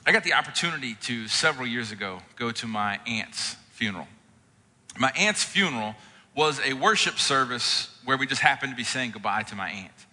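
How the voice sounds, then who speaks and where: Guy preaching a sermon, super bright voice, chatty and earnest, hall reverb behind him. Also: medium pitch, lively intonation, moderate pace. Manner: earnest, conversational preaching with casual asides. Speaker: pastor.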